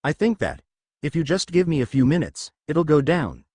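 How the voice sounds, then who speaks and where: A man voicing a flustered young male ninja hero, gentle and reassuring, in a fan fiction audiobook. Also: a little high, big pitch swings, moderate pace, slightly rough, no echo, clean studio sound.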